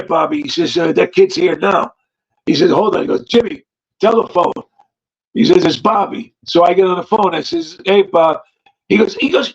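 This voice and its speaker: A man with a New Jersey accent spins a long yarn as a podcast guest, acting out what everyone said. His voice sits high for a man. The audio is dull and lo-fi. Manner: rambling, acts out quoted dialogue. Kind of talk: casual storytelling.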